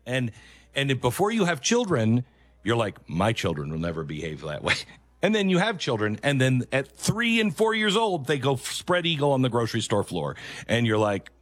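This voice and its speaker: A man's voice: fairly high pitch, fairly bright tone, no echo. A man hosting a commentary show, talking emphatically and repeating his key phrases as he reacts to clips. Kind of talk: opinion commentary over played clips.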